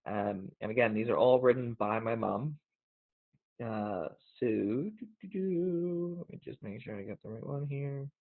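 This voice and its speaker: Earnest low-voiced man on a tinny line. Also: normal speed, creaky. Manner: earnest, reflective, gently emotional. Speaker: podcast host. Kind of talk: casual talk and reading poems aloud. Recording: tinny phone-like audio.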